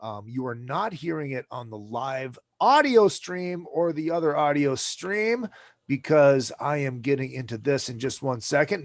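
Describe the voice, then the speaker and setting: A man's voice: mid-range voice, measured pace, soft background music. A man hosting a podcast in a loose, off-the-cuff way, swearing casually as he talks. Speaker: podcast host.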